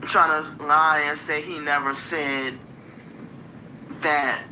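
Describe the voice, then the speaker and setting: A woman in a played stream clip rambling on about being harassed and manipulated, with many pauses and fillers. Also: low voice, steady tone, pushed and bright, slight background noise, low-quality recording. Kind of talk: rambling monologue.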